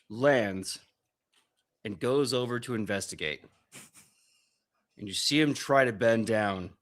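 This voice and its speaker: A man narrating as game master of a tabletop game, relaxed and joking. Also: lowish voice.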